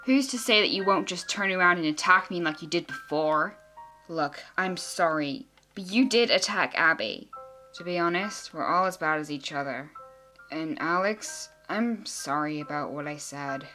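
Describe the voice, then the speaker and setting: A woman's voice: lowish voice, sharp tone. A woman voicing several teenage girls in an amateur drama, talking in an emotional, earnest and sulky way. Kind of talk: amateur teen drama acting.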